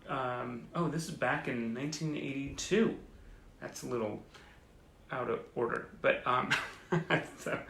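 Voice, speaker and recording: Chatty man with a gravelly, bright voice. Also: medium pitch, a little slow, echoey room, a little hiss or hum. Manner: chatty, wry, self-mocking asides. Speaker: host. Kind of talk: casual livestream chat reading old clippings. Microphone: phone or webcam on a live stream.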